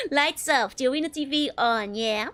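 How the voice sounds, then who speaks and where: A woman's voice: high-pitched, a bit bright. A woman streamer chatting casually while playing a game, giggling often and rambling with many fillers. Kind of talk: casual gameplay chat.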